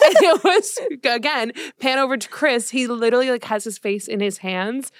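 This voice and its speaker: A woman's voice: on the high side, moderate pace, hardly any pauses, no echo, studio quality. A young woman co-hosting a podcast in casual chat, chatty and giggly, often laughing mid-sentence. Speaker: podcast co-host.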